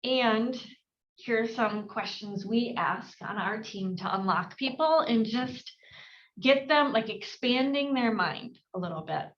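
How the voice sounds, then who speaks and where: A woman coaching real estate agents in an energetic team training talk, switching her inflection to act out client dialogue. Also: fairly high pitch, unhurried, dull audio.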